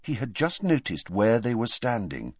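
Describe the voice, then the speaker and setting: A man reading an audiobook aloud in an animated way. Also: mid-range voice, normal speed, husky, dry recording. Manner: animated, varied character voices. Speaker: narrator. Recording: dry, dull lo-fi.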